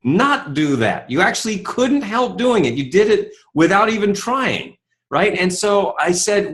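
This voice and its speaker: A man in his fifties, an author talking as an interview guest, telling stories and acting out quoted lines with lively rises in his voice. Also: a little slow. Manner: animated, acts out quoted dialogue with rising pitch. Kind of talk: storytelling interview talk.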